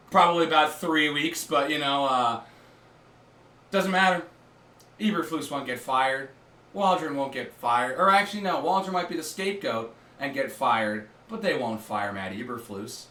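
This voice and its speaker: A man's voice: a little high, animated, normal speed, sharp tone, recorded from a distance. A man giving a casual, mocking rant to camera as a sports fan reaction host, often breaking into laughter. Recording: echoey room, voice away from mic.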